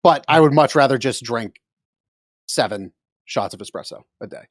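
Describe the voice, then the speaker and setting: A man's voice: medium pitch, expressive, normal speed, no echo. Co-host guy ranting about games and coffee, swears a lot, dry close sound. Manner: emphatic, swears freely. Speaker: podcast co-host. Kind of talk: casual podcast chat.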